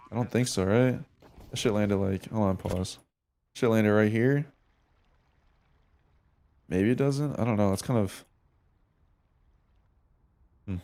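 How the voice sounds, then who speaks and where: There's slight background noise behind this streamer's low, somewhat mellow voice. He reviews a match replay while chatting casually with his audience, reasoning aloud in slangy, profane fashion.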